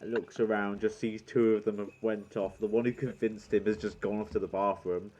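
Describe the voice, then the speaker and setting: A man's voice: fairly low pitch, level tone, normal speed, a little mellow, lo-fi sound. A man narrating as game master in a tabletop game, playful and often laughing.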